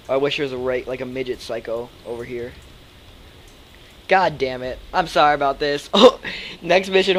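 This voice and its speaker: A man's voice: mid-range voice, a little hiss or hum, low-quality recording. Young man rambling over gameplay, swearing. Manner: rambling, profane, thinks aloud with many fillers. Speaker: let's play commentator. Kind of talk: live gameplay commentary.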